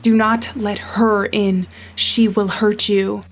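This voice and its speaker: A woman voicing a stern emergency radio announcer in a game, speaking slowly and flatly with warnings. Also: medium pitch, slight background noise. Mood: grave warning. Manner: slow, flat, warning delivery.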